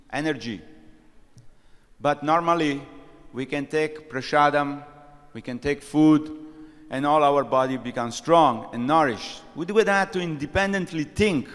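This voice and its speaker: A man's voice: mid-range voice, unhurried. A man giving a scripture class at a temple, telling stories and acting out the characters' lines. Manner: storytelling, acts out quotes. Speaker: temple speaker. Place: temple lecture hall. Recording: long reverb of a large hall.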